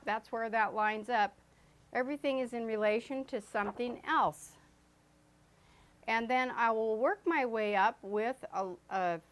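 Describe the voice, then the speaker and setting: A woman teaching an oil painting lesson as she paints, chatty and loose, with fillers and self-corrections. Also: medium pitch. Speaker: art instructor. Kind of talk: painting demonstration.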